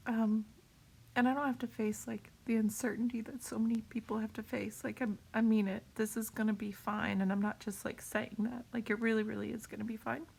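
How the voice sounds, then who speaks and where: Woman, tearful, halting, fry in the voice, breathy, slightly high. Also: level tone, darkish tone. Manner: halting, repeats herself, laughs through tears. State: tearful, crying. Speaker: vlogger sharing a cancer update. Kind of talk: emotional live video talk.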